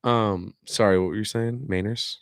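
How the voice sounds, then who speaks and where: A man's voice: lowish voice, steady tone, normal speed, no room sound, clean studio sound. A young man hosting a podcast in casual chat, laid-back and laughing often, with plenty of "like" and "dude". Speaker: podcast host.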